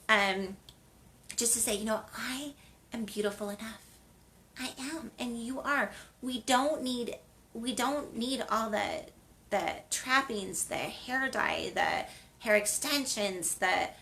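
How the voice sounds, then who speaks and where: A woman's voice: fairly high pitch, bright, forceful tone. A woman from the western United States hosting a wellness video series, chatting casually and rambling with lots of fillers. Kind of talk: casual chat.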